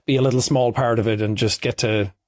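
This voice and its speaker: An Irish man in his thirties, a guest in a casual interview, reflects openly and talks at length. His mid-range voice stays steady and quick, recorded with clean studio sound and no echo.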